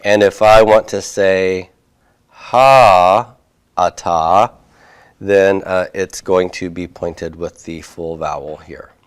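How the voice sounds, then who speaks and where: A man lectures on Hebrew grammar in a slightly low voice. He speaks slowly and deliberately, with frequent fillers and "okay?" checks as he writes on a board for his students. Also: steady tone, smooth. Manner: writes on a board while he talks. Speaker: Hebrew teacher. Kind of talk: recorded classroom lecture.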